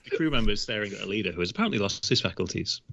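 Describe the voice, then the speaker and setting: A man reading stage directions aloud for a live comedy script, animated and quick to break into laughter. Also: lowish voice, vocal fry, highs cut off, a crowd in the background.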